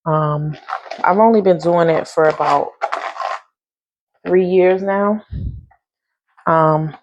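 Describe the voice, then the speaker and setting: A woman's voice: fairly low pitch, slow, dull audio, background noise. A woman who drives a school bus, chatting casually while she cooks in her home kitchen, a laughing storyteller. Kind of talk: casual cooking vlog.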